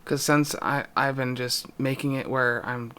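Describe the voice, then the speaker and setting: A man's voice: mid-range voice, steady tone, pushed and bright, smooth. Distressed young man confiding on camera. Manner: halting, pausing, voice dropping. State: distressed, near tears. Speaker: YouTuber. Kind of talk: emotional vlog confession.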